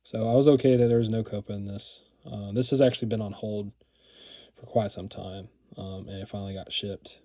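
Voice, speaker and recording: A man's voice: on the low side, steady tone, fairly quick, mellow. A man casually showing off items from his collection, talking in a rambling, enthusiastic way with lots of fillers and repeated words. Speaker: card collector vlogger. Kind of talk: casual show-and-tell narration.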